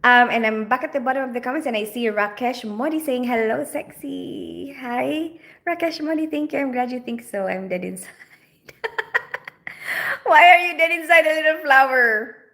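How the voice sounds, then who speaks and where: Her voice is high-pitched, pushed and bright, and fairly quick. She's a woman from the Philippines with a Filipino-British accent, casually reading her viewers' comments on a livestream from a home set up with camera lighting, laughing often.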